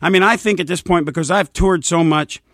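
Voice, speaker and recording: A man's voice: sits high, a little fast, a bit bright, no room sound, clean studio sound. A man who is a singer, telling rambling stories in a casual interview and acting out the voices of people he quotes.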